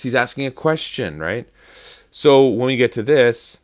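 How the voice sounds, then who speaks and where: A man's voice: medium pitch, lively intonation, unhurried. A man teaching actors about verse rhythm in a lecture, explaining patiently and counting out beats to show stress. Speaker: acting teacher.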